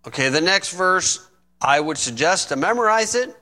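A middle-aged man preaching a sermon, reading scripture slowly and adding folksy asides. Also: high voice, lively intonation, pushed and bright. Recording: long reverb in a hall.

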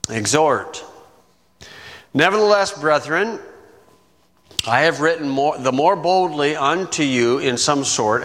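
A man preaching a sermon, teaching verse by verse in a conversational way, with chuckling asides and key words drawn out slowly. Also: mid-range voice, fairly bright tone. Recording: long reverb from the room.

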